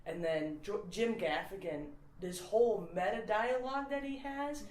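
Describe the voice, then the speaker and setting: A woman's voice: mid-range voice, moderate pace, a little mellow, roomy sound, rough recording. A woman in a casual conversation, rambling as she explains an idea and filling her talk with "like". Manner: rambling, with many fillers of "like". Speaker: podcast guest explaining a comedy idea.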